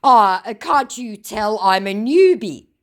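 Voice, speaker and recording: A man's voice: high-pitched, lively intonation, takes it slowly, fairly bright tone, voice pushed up, full character voice. A woman reading a taunting young scammer man. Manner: taunting, self-justifying. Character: defiant young male romance scammer, mocking.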